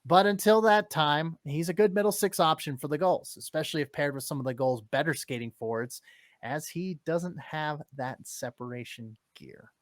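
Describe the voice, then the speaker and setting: Excitable podcast co-host, dry close sound. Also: medium pitch, moderate pace, no room sound. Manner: excitable, laughs and gets flustered. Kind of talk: hockey analysis podcast.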